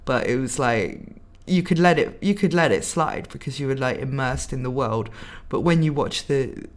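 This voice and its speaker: A woman's voice: extremely low pitch, moderate pace. A young English woman with a slightly posh accent, streaming and chatting casually as she reads out viewer comments, laughing often. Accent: mildly posh English. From England. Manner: giggly, chatty, laughs often between remarks. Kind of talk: casual chat reading live comments.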